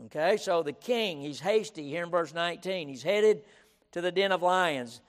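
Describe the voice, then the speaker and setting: High-voiced emphatic preacher. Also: male voice, lively intonation, normal speed. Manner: emphatic, repeats himself, keeps saying "listen". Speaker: pastor. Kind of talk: sermon. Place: auditorium. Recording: reverberant auditorium.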